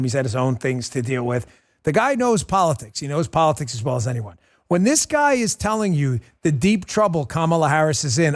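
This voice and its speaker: A middle-aged male host with a high, emphatic voice tears into his target in a political commentary monologue. He is mocking and combative throughout, leaning hard on each jab. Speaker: political talk show host.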